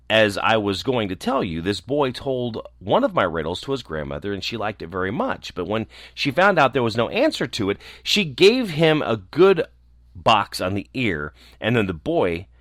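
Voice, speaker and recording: A man voicing a quick-witted, forward young male gnome who chatters eagerly in a storybook. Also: on the low side, fairly bright tone, no room sound, studio quality.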